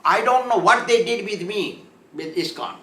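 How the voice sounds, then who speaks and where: A man's voice: sits high, animated, normal speed, fairly bright tone. A man giving a storytelling sermon as a spiritual teacher, chuckling as he goes and acting out the voices in the story. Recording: echoey room.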